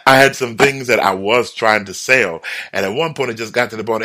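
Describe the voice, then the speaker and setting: A man speaking in a motivational broadcast talk with a bright, forward tone. His pitch swings widely as he acts out little everyday remarks, and he chuckles often. His delivery is lively and conversational. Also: normal speed.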